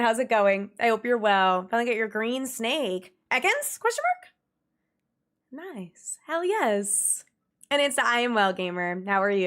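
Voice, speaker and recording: A young woman chats with her stream viewers in a loose, casual way. Her voice sits a little high, and she rants in an exasperated, animated tone. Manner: animated, exasperated ranting with laughs. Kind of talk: casual livestream chat.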